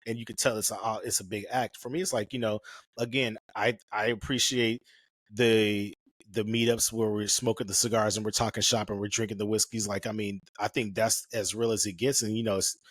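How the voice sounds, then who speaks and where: Forties male podcast host, deep-ish, rapid and animated, dry close sound. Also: no echo. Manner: quick, animated storytelling that breaks into playful impressions. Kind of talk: casual podcast chat.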